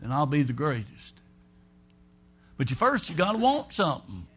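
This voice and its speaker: A man with a high-pitched voice preaches a sermon. He talks in a folksy, emphatic way and slips into the voices of the people he quotes. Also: huge pitch swings, moderate pace, a bit bright, slightly rough.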